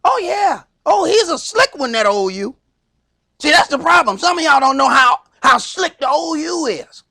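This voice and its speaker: A man with a Southern US accent teaching a Sabbath Bible class in a loud, animated sermon style, acting out little skits. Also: very high voice, normal speed, gravelly. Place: congregation hall.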